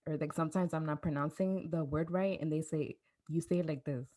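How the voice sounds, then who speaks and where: Lower-voiced woman in relaxed chat. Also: a little fast. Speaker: podcast co-host. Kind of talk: casual chat.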